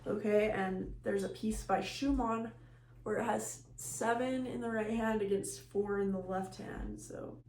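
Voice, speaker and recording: In a recorded music lecture, a female teacher plainly explains rhythm terms and counts beats out loud. Her medium-pitched voice is fairly even and a little slow, heard in an echoey room with a faint hum.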